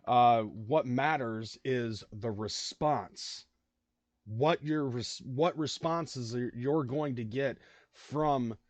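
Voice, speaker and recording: A man hosting a live reaction stream, talking in a loose, rambling way. He swears freely and stumbles through fillers and restarts. His voice is at an ordinary pitch, and the sound is dry and close. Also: no room sound. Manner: rambling, profane, many fillers. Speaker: livestream host. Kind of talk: casual reaction commentary.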